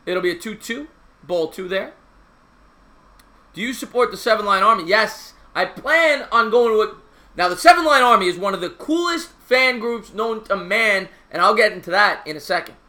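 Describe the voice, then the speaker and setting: A man calling a baseball game play by play on his live stream, chatting with viewers in a casual, slangy, excitable way. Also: sits high, normal speed.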